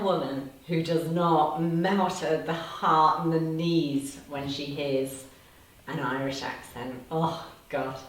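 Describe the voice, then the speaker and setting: Low-voiced chatty woman over fifty. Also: steady tone, takes it slowly. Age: 50s. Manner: chatty, laughs often, answers comments warmly. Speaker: livestream host. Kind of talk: casual livestream chat reading viewer comments. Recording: echoey room, distant from mic, faint hiss.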